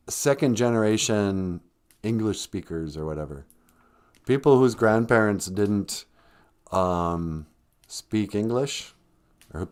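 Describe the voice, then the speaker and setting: A man's voice: fairly low pitch, darkish tone, clear, resonant tone. A man hosting a live-stream podcast, chatting casually in a rambling way and laughing often. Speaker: podcast host.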